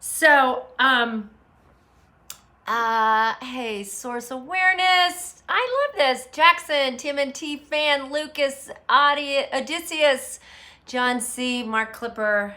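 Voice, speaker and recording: A middle-aged woman talks unhurriedly into her phone on a live stream, her voice bright and a little high. She rambles freely and greets viewers by name as they arrive. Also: takes it slowly. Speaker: livestream host. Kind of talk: unscripted live chat.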